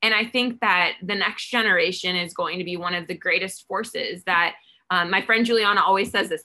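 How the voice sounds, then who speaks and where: A woman's voice: on the low side, moderate pace, sharp tone. A woman speaking earnestly as a guest in a faith interview, telling stories of her outreach work and acting out her own lines. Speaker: founder of an outreach ministry, guest. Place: Texas.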